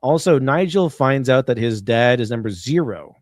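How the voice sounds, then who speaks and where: A man's voice: mid-range voice, animated, moderate pace, dry recording, studio quality. A man hosting a casual live stream, rambling, laughing often and reading viewer messages aloud. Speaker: show host.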